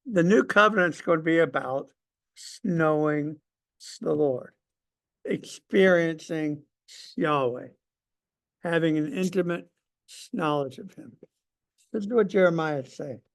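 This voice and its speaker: A man leads a Sunday school lesson with a gravelly, slightly raised voice. He talks conversationally and with emphasis, breaking off often to put questions to his class. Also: fairly high pitch, measured pace, pauses often.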